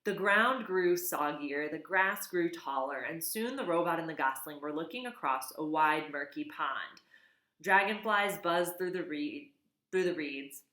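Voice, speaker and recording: A woman reading a children's novel aloud, expressive, with casual asides. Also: sits low, unhurried. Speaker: reader. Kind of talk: storybook read-aloud. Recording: echoey room.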